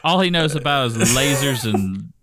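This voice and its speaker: A man's voice: medium pitch, normal speed. A man with a thick Southern accent, co-hosting a casual gaming podcast in a chatty, rambling way. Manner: chatty, rambling, animated when ranting. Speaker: podcast co-host. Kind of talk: casual chat.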